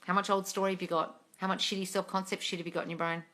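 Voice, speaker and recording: A manifestation coach fires off answers to live chat questions in a rapid, pushed, bright voice that stays level and on the low side. Streaming from a phone or webcam, she's blunt, swears freely, and calls viewers darling.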